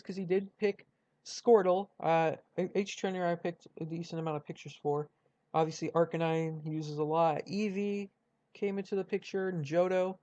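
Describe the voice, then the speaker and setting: In lo-fi audio, a young man with a high-pitched, darkish voice chats casually through a ranked list. He's a YouTuber ranking cartoon rivals, and his commentary rambles, full of fillers and restarts.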